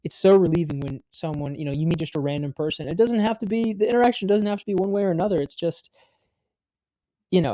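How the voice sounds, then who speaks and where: A man's voice: high voice, animated, quick pace, warm tone, dry recording. An American man in his twenties telling a story to camera in a rambling, casual way, full of "like" and swearing. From United States. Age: 20s. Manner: rambling, heavy use of filler "like", swears freely. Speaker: vlogger.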